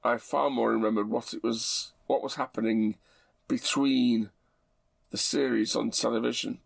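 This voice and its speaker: Gravelly middle-aged man, dry. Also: medium pitch, steady tone, moderate pace, no room sound. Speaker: podcast co-host. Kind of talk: casual chat.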